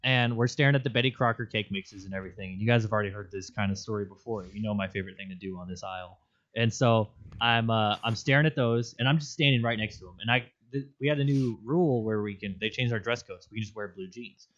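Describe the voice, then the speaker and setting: A man co-hosting a podcast, telling an animated story in casual chat and laughing often. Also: lowish voice, fast talker, highs cut off. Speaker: podcast co-host. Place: Arizona.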